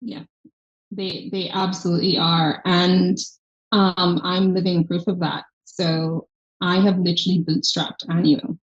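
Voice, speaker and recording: Low-ish voiced woman, faded irish accent, earnest storyteller on a podcast, kinda dull lo-fi sound. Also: little pitch movement, unhurried. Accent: softened Irish. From Ireland. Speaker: guest, health tech founder. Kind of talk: podcast interview.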